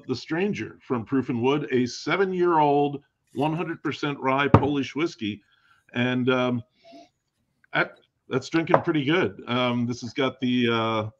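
A man speaks in casual podcast chat, rambling and self-deprecating with plenty of fillers. His voice sits at a middle pitch. The sound is dull and lo-fi. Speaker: co-host, drinks writer.

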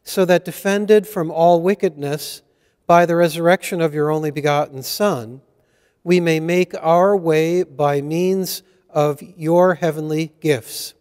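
A man leading Mass and reading scripture aloud as a priest, in a measured liturgical way. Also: fairly high pitch, fairly even intonation, darkish tone, smooth. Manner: slow, measured liturgical delivery. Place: church. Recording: church hall reverb.

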